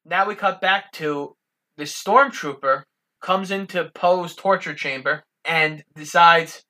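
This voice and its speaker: Bright-voiced woman summarizing a plot. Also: lowish voice, slow pace. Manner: steady, matter-of-fact plot summarizing. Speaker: podcast co-host. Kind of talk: casual film recap, plot narration.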